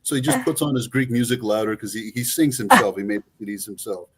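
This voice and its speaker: A man co-hosting a casual live-stream travel chat as a travel expert, an animated storyteller who often breaks into laughter. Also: fairly low pitch, fast talker, heavy background noise.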